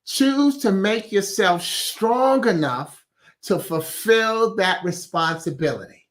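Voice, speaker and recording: Guy hosting an uplifting weekly message, chatty, laughs at his own puns, kinda high voice. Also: expressive, takes it slowly. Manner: chatty, laughs at his own wordplay, reads viewer comments. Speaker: host of a weekly inspirational message. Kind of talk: casual motivational talk.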